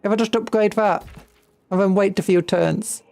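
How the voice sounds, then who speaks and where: A woman's voice: medium pitch, fairly even intonation, normal speed, creaky, dark tone, faint music behind. A woman from Britain streaming a strategy game, chatting playfully and humming to herself.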